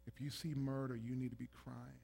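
A man preaching a sermon, building to loud, emphatic peaks and acting out scripture scenes. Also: mid-range voice, fairly quick, gravelly, breathy edge. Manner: builds from calm to shouting intensity, acts out scripture voices.

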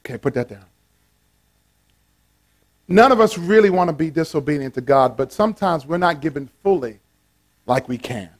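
A pastor preaching a playful, animated sermon with call-and-response to his congregation. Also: on the high side, moderate pace, pauses often.

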